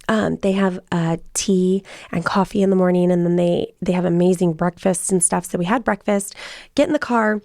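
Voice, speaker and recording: A woman's voice: lowish voice, moderate pace, no echo, clean studio sound. A woman in her forties hosting a casual chat, telling stories and quoting people as she goes. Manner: chatty storytelling, quotes people in lively voices. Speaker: host.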